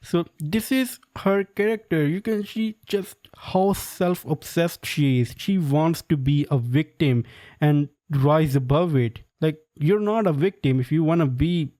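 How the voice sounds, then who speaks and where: A man giving casual, opinionated video commentary, full of "like" and quick asides. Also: a little high, dark tone. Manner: opinionated, filler-heavy with frequent "like". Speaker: pop-culture commentator.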